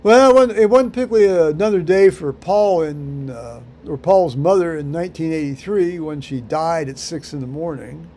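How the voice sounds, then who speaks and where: A man rambling through a solo vlog monologue, halting with many fillers and restarts, with dry dark humor. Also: on the high side, slight background noise. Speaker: vlogger.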